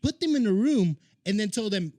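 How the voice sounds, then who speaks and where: A man co-hosting a podcast, drunk, rambling excitedly and stammering through stories in casual chat. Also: high-pitched, a little fast. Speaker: podcast co-host.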